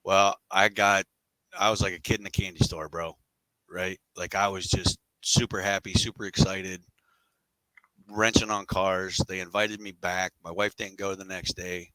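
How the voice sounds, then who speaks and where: A man's voice: low voice, flat delivery, moderate pace, bright, forceful tone, dry recording, low-quality recording. A middle-aged man telling his story as a podcast guest, candid and rambling with casual slang.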